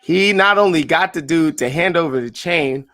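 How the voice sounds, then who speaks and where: Hyped man shouting out viewers. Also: moderate pace, dry recording, clean studio sound. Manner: hyped and slangy, shouting out viewers by name, jumping to high excited pitch. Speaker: sales director leading a live call session. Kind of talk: energetic live-stream coaching talk.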